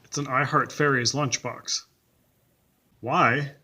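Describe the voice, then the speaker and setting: A man's voice: medium pitch, fairly even intonation, slow, bright, forceful tone, slightly rough. A young male teacher telling funny stories from school in a casual way, with dry, self-mocking humor. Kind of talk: casual storytelling to camera.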